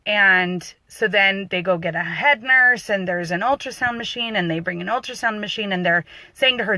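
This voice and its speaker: A woman working as a doula, telling a personal story in a loose, animated way with fillers and restarts. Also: medium pitch, normal speed, hardly any pauses, no room sound. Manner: animated, acts out quoted voices.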